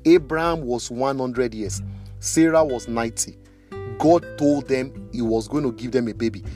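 A man preaching a sermon, emphatic, slowing down to stress key phrases. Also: medium pitch, mellow, soft background music.

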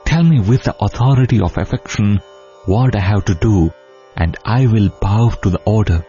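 A man's voice: fairly low pitch, moderate pace, warm tone, faint music behind, close to an everyday voice. A man voicing an earnest young prince who pleads with his grieving father, his voice rising as he implores. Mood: earnest pleading. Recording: dull lo-fi audio with faint sitar.

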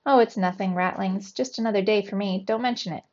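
Brief: woman reading as a brash male mouse cousin, storybook, mid pitch, slightly dull lo-fi sound. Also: a little fast, a little mellow, lightly acted. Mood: modest. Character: boastful tough-acting male mouse cousin.

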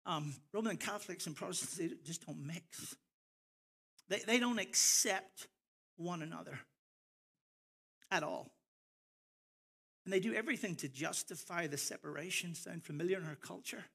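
Passionate Irish pastor preaching. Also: male voice, high voice, vocal fry, bright, forceful tone, husky. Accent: Northern Irish, softened by years in America. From Ireland. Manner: passionate, with big swells of emphasis and slowed key phrases. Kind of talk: sermon.

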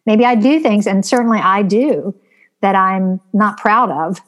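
A woman's voice: medium pitch, unhurried. Earnest woman preaching in casual talk. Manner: earnest, preaching, frequent ums. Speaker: co-host of a Christian talk show. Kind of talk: casual faith discussion.

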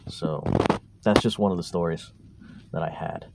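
A man's voice: low-pitched, steady tone, moderate pace, gravelly, heavy background noise. A man hosting a podcast, telling a story casually and rambling, with stutters and restarts. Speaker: podcast host.

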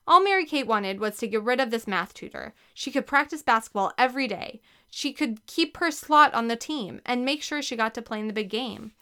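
A woman narrating a children's book with a lively, expressive reading. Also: on the high side, fairly quick, hardly any pauses, clear, resonant tone. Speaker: audiobook narrator. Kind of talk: scripted narration.

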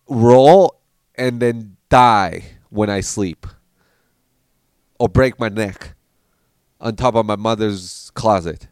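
A man's voice: mid-range voice, clean tone, dry recording, studio quality. A man casually telling stories about his childhood and acting out how his family spoke. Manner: animated, acts out family members while telling stories. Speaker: podcast storyteller. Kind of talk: casual storytelling.

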